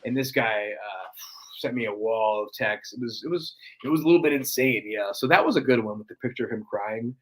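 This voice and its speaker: A man's voice: medium pitch, brisk, slight background noise, poor audio. A young man guest chatting casually on a podcast, often slipping into a brash, growly wrestler-impression drawl. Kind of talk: casual interview chat.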